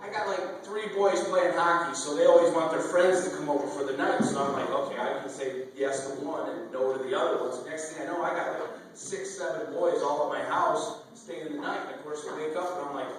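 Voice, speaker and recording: A man's voice: a little high, fairly quick, few pauses, slight background noise. Rambling man telling stand-up stories. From Michigan, USA. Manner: rambling, self-interrupting anecdotes with many restarts. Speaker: stand-up comedian. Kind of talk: stand-up comedy storytelling. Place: comedy club stage. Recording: echoey club sound from a distant mic. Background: audience laughter and room ambience.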